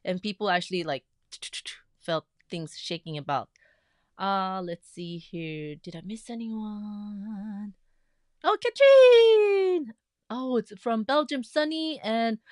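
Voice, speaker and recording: A woman hosting a casual craft livestream, chatting and greeting viewers by name with bursts of excitement. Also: medium pitch, takes it slowly, dry recording, studio quality. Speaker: livestream host of a quilting group.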